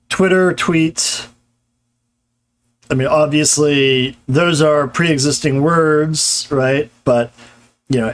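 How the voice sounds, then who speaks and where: A man giving a live-streamed grammar lecture, talking casually with many fillers and restarts while answering chat. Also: on the high side.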